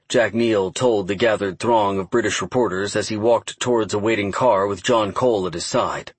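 A man giving steady, measured audiobook narration. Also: fairly low pitch, husky, no room sound. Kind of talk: scripted narration.

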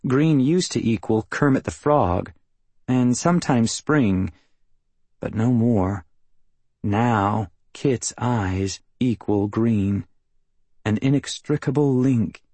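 A man reading a first-person novel as an audiobook narrator, measured and matter-of-fact, close to the mic. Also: medium pitch, mellow, no echo.

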